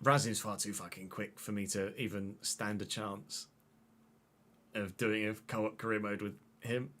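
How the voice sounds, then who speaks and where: A man, chatting and commentating excitedly while streaming a football game. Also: on the low side, measured pace. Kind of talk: live gameplay commentary.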